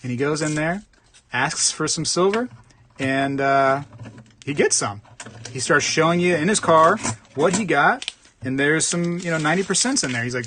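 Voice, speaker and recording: A man's voice: on the high side, lively intonation, normal speed, noisy background. A man hosting a casual livestream from the United States, rambling while he reads comments, repeating himself and laughing often. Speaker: coin roll hunting livestream host.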